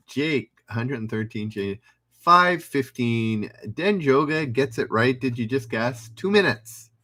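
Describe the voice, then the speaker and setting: A man's voice: medium pitch, expressive, slow pace, pushed and bright. A man hosting a trivia livestream, reading out questions and viewers' names with dry little asides.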